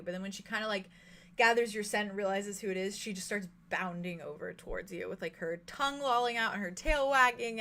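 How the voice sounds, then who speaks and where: A woman's voice: mid-range voice, fairly bright tone. A woman narrating a tabletop role-playing game as game master, chatty and giggly with many fillers.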